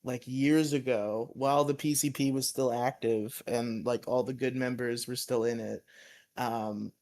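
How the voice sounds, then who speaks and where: Laid-back man with halting speech. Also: mid-range voice, steady tone, darkish tone. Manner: laid-back, hesitant, many ums. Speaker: podcast co-host. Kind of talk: casual podcast chat.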